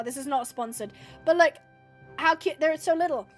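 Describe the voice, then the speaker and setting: A woman's voice: high voice, moderate pace, soft background music. A woman hosting a gaming livestream from home, chatting casually and bubbly with her viewers as she reads the chat. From United Kingdom.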